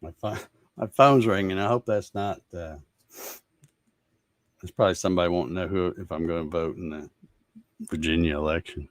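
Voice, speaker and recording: A man's voice: sits low, steady tone, a little fast, pauses often, dry recording, clean studio sound. A man hosting a casual livestream, ranting in a fed-up, sarcastic way and laughing at viewer comments. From Georgia, USA. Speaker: show host reading viewer comments.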